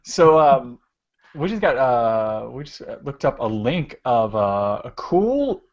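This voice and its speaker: A man co-hosting a casual podcast, laughing easily and rambling through fillers. His voice sits at an ordinary middle pitch. The recording is dull and lo-fi. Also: big pitch swings, takes it slowly, a little mellow. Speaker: podcast co-host.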